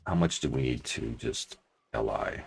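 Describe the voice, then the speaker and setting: A man's voice: rumbling low, lively intonation, moderate pace, creaky, husky. A man commenting on his strategy game as he plays, thinking aloud and talking his plans through at length. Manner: thinking aloud, restarts and hedges while planning. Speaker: let's play commentator.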